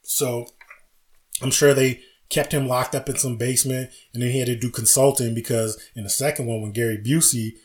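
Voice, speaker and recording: Laughing, animated male podcast co-host. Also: medium pitch, normal speed. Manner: animated storyteller who acts out quotes and laughs often. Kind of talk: casual chat.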